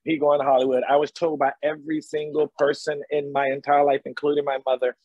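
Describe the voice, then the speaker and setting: A man's voice: on the high side, little pitch movement, fast talker, hardly any pauses, darkish tone, no room sound, muffled recording. A middle-aged man, guest on an interview over a video call, telling stories emphatically and repeating phrases. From North Carolina, USA. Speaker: guest actor. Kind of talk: casual interview storytelling.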